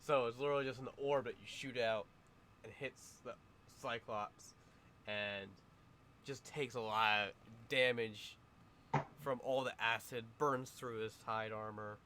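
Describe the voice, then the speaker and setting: Man, game master, narrating a tabletop game, halting, chuckling, middle pitch. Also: fairly even intonation, bright, forceful tone, a little hiss or hum.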